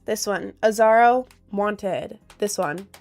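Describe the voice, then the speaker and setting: Slow and a little mellow, this mid-range voice belongs to a woman, a livestreamer and musician, chatting on stream over soft background music as she reads out viewer comments. A lingering cold leaves her nasal, and "um" and "like" pepper her speech.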